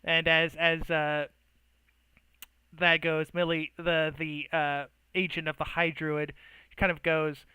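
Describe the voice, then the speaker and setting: A man's voice: a little high, level tone, takes it slowly, bright, forceful tone, clear, resonant tone, no echo, rough recording. A man narrating a tabletop game as game master, in a loose, hesitant way with many fillers.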